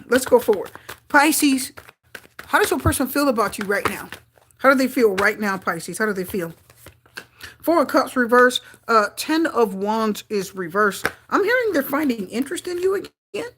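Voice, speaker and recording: A woman giving a live tarot reading to her viewers, talking in an excitable way with frequent exclamations. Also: fairly high pitch, a little hiss or hum. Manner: excitable, gasping and exclaiming at cards. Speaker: tarot reader.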